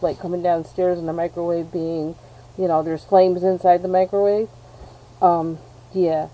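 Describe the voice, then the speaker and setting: A woman's voice: lowish voice, warm tone, rough recording. An American woman from New York State, chatting casually while unboxing art supplies, full of ums and self-deprecating asides. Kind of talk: rambling casual chat.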